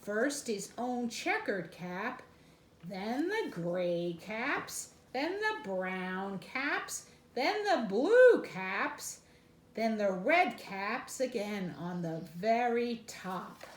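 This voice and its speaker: A woman reads a children's storybook aloud, very slowly and with a lively, sing-song voice. She is high-pitched and speaks straight to young listeners. The room is echoey, with faint noise behind her. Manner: expressive, sing-song, gasps for effect. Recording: roomy echo, faint background noise.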